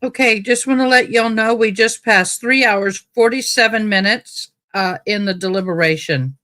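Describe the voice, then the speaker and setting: A woman's voice: mid-range voice, moderate pace, sharp tone. A woman hosting a livestream, chatting informally to her viewers. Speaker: livestream host. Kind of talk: casual chat to viewers.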